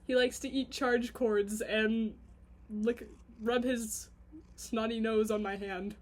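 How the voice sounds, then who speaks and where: A woman's voice: fairly high pitch, steady tone, unhurried, a little mellow. A woman rambling in a casual video diary, chatty and scattered, humming to herself between thoughts. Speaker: vlogger.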